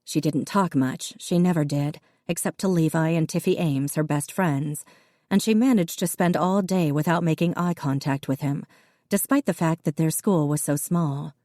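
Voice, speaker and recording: A woman narrating an audiobook with a low, mellow voice. She tells the story steadily and shifts into voices for the characters. The recording is dry and close. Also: normal speed, no room sound.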